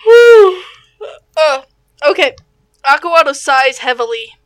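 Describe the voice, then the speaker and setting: A woman's voice: high voice, moderate pace, pushed and bright, dry recording. A woman playing a tabletop game, sleepy but playful. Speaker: player. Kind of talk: casual chat at a tabletop game.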